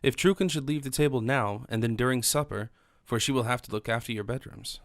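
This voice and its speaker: A cheerful, worldly middle-aged grocer holds forth proudly about his good fortune, voiced by a man reading the book. The tone stays genial and even. The sound is dry and close. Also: medium pitch, brisk, no echo, natural voice.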